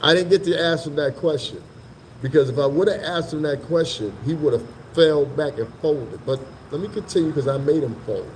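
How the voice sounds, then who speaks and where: A man's voice: a little high, a little fast, a little mellow, slight background noise, poor audio. A man vlogging in a casual, rambling storytelling monologue that is profane and full of asides. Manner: profane, rambling, laughs between remarks.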